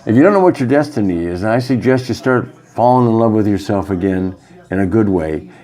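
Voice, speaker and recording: A man giving a rambling spiritual talk as a yoga teacher, halting often and using many fillers. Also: fairly low pitch, animated, mellow. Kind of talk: casual spiritual monologue.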